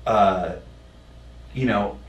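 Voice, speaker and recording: A man telling a personal story in a podcast conversation, blunt and profane, halting with many fillers. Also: fairly low pitch, noisy background. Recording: roomy sound from a distant mic.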